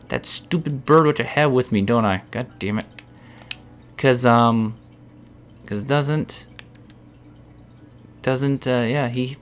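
A man's voice: fairly low pitch, fairly even intonation, a little slow, long pauses. Foul-mouthed man grumbling through a game. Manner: profane, self-deprecating, easily exasperated. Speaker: Let's Play host. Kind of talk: casual gameplay commentary.

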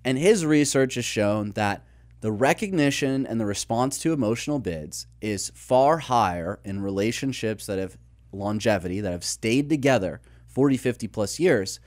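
A man's voice: lowish voice, a little mellow. A man co-hosting a podcast, explaining research in an explanatory manner, listing ideas and telling illustrative stories. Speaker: podcast co-host.

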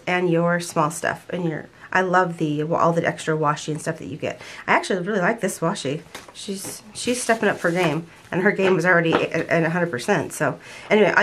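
A woman's voice: lowish voice, fairly bright tone, slight background noise. An older woman chatting casually at home about a planner haul, gushing and often restarting her sentences. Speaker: planner vlogger.

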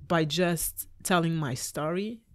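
A young adult woman with a French accent, a dancer and choreographer chatting as a podcast guest, laughing often and pausing with ums. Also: low-pitched. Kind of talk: casual interview chat.

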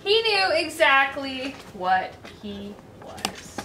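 Young woman reading a kids' book, slow sing-song, far-ish mic, faint hiss. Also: high-pitched, roomy sound. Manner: sing-song, expressive storytelling. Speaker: storytime host. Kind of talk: children's picture-book read-aloud.

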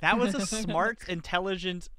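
A man's voice: high voice, normal speed, a loud crowd. A man on a tabletop game livestream, upbeat, reading out chat. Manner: upbeat, reads chat aloud.

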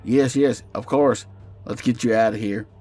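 A man voicing a calm, kindly male private investigator in a plain reassuring voice. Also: medium pitch, normal speed, soft background music, close to an everyday voice.

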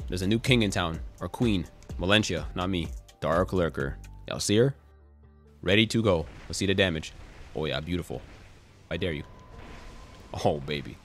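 A young man giving casual, excitable gameplay commentary, swearing and cracking jokes as he plays. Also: deep voice, moderate pace, long pauses, faint music behind. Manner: excitable, swearing, jokey, quotes song lines and memes. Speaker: gaming YouTuber.

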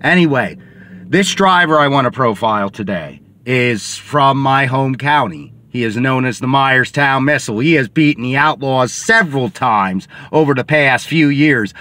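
A man's voice: medium pitch, lively intonation, moderate pace, sharp tone, no echo. A man hosting a sports podcast, rambling casually in a chatty vlog while sitting in a car. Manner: rambling and chatty, many fillers.

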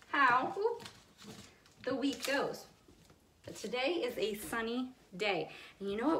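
A young woman leads a preschool circle time in a sing-song, encouraging voice. Her pitch swings high and low, a little higher than most women's. She sits a bit back from the mic in an echoey room. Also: a bit bright, recorded from a distance. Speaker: preschool teacher. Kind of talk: online circle time lesson for young children. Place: home room.

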